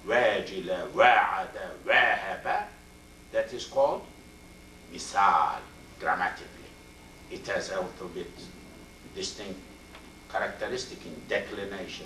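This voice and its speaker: An older man teaching a Quran and Arabic class, speaking slowly and repeating Arabic word forms as he explains them. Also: on the low side, fairly bright tone, slight background noise. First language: Turkish. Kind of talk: classroom tafsir lecture. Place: mosque classroom. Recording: roomy, distant amateur video recording.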